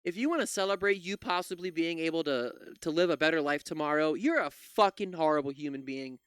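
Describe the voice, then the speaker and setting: A man's voice: a little high, a little fast, a bit bright, clean tone, no room sound, studio quality. Heated, profane young man ranting. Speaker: political commentator reacting to clips. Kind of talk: angry reaction commentary.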